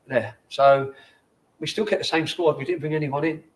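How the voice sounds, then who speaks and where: Male ex-pro, forties, slightly higher voice, loose sweary raconteur in a bar chat. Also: steady tone, normal speed. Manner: rambling, swearing, laughs through stories. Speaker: former footballer, guest. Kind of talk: casual storytelling interview.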